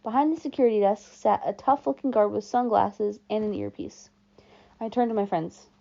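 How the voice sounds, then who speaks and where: A woman reading a novel aloud in calm, first-person storytelling narration. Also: mid-range voice, moderate pace, creaky. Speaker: audiobook reader. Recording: dull lo-fi recording.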